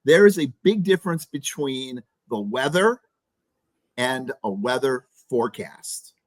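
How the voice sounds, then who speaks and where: A man talking casually as a podcast guest, blunt and profane. He keeps acting out the nagging voice in people's heads. His voice sits at an ordinary middle pitch, recorded dry with no room sound. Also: expressive, measured pace, no room sound. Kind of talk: casual interview talk.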